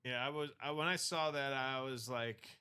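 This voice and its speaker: A man's voice: mid-range voice, moderate pace, clear, resonant tone. A man hosting a live sports break stream, calling out teams and players and chatting casually. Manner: excited reactions to pulls. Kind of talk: casual chat while opening breaks.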